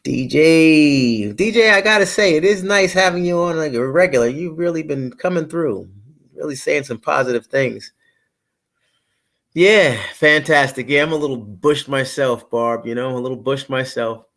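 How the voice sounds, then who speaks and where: A man's voice: medium pitch, normal speed, fairly bright tone. A middle-aged man hosting a live stream, chatting casually in a rambling way, repeating himself and greeting viewers by name. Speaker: livestream host.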